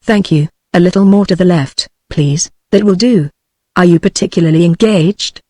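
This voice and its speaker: A synthetic British woman's voice reading the lines of an earnest, learned older woman in an audiobook, with an even, measured delivery. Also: on the low side, no echo, clean studio sound, close to an everyday voice. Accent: British English.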